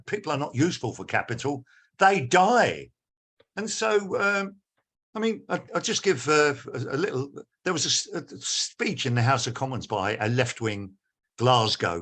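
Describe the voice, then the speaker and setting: A man speaking at a conference panel, passionate and animated, with many fillers and restarts. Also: medium pitch.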